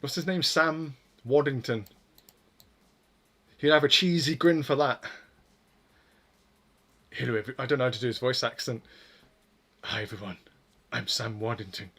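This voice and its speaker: Mid-pitched and fairly bright, this man talks at a moderate pace with frequent pauses. He's streaming while coding, chatting in a rambling way, cursing freely and making self-deprecating jokes.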